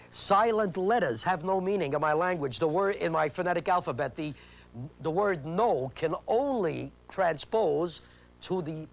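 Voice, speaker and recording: A man teaching a memory technique on an instructional video, speaking emphatically, repeating his key points and quizzing the viewer. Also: a little high. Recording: 1980s VHS instructional tape.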